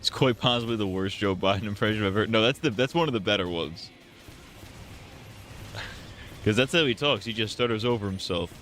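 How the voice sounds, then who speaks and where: A man's voice: on the low side, fairly quick, pauses often, a bit bright, faint music behind. A man streaming a game and joking crudely in casual commentary, laughing often.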